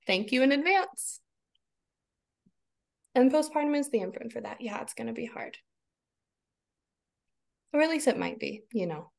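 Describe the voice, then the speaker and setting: Podcast guest, woman, 30s; raspy fry, lively and expressive, voices her own thoughts. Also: on the high side, normal speed, pauses often. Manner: expressive, laughs often, acts out her own inner voice. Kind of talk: casual conversation.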